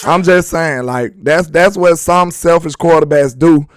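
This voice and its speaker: A man hosting a casual sports talk stream, slangy and emphatic, speaking straight to his viewers, his voice a bit hoarse. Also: a little high, unhurried, music in the background. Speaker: sports talk livestream host. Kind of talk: casual sports commentary, reading chat.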